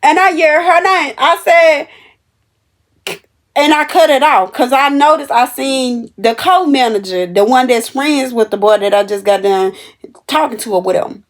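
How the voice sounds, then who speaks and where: A young woman telling a story about her cashier job to her viewers, animated and emphatic. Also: sits high, moderate pace. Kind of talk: casual storytelling to camera.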